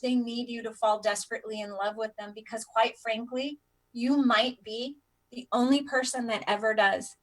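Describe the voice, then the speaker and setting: A woman hosting a casual live stream, with a voice that sits a touch higher than most. She speaks earnestly and from the heart, addressing her viewers directly. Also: normal speed. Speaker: live stream host on foster care.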